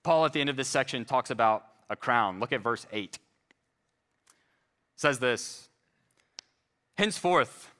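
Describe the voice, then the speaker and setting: Guy preaching a sermon, bright forward voice, slows down and goes low to hit the big points. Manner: earnest preaching, slows and drops low on key phrases. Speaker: pastor.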